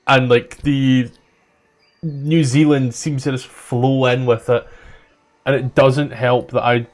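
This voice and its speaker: A man with a Scottish accent, running a tabletop game as dungeon master in a relaxed, casual way. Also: mid-range voice, slow pace.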